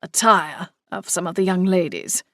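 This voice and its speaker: A woman voicing a formal, bashful old-world gentleman ghost who gets flustered. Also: fairly low pitch, moderate pace, dry recording, studio quality.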